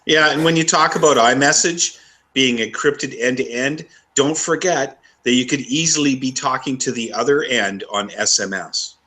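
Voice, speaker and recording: A man's voice: medium pitch, moderate pace, bright, forceful tone. A man co-hosting a casual podcast discussion, blunt and indignant.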